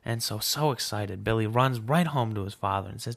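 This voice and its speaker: A man hosting a podcast, telling a rambling comic story in a deadpan way. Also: on the low side, brisk, gravelly, hardly any pauses. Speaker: podcast host.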